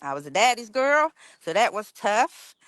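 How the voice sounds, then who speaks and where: A middle-aged woman from West Virginia, a podcast guest telling her life story in a blunt, emotional, halting way. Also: medium pitch, sing-song, a bit bright, dry recording. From West Virginia, USA. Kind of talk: candid personal storytelling.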